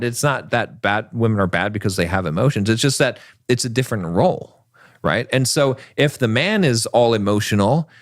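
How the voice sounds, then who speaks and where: A man's voice: mid-range voice, no room sound, clean studio sound. A man co-hosting a podcast, explaining his views in a lecturing way, with dramatic put-on voices for quotes. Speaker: podcast co-host. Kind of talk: casual podcast discussion.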